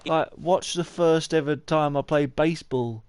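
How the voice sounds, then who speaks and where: A man's voice: on the high side, a little slow, a little mellow, a little hiss or hum. A man live-streaming a baseball game, talking in a rambling, stuttering, encouraging way. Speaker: gaming streamer.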